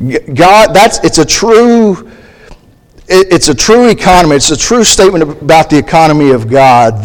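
A man preaching a sermon in a halting, thinking-aloud way, often restarting his phrases and reading scripture aloud. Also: a little high. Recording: long hall reverb.

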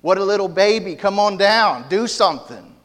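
A taunting male mocker at the cross, as a preacher acts him out, needles in a whiny, scornful way. His voice sits a little high and trails off into the long reverb of a large hall. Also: animated, moderate pace, fairly bright tone.

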